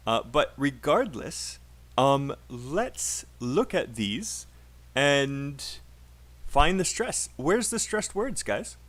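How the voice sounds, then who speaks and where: A man's voice: mid-range voice, very animated, extremely slow, a bit bright. A man with a British accent teaching a live online English class, chatty and encouraging, drilling phrases aloud for students to repeat.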